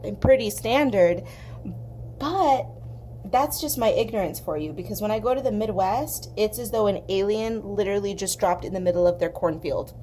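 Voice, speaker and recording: A young woman from southern California, hosting an art channel, telling a long story in a chatty, animated way while she colors. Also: mid-range voice, normal speed, a little hiss or hum. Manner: chatty, animated, acts out quoted voices.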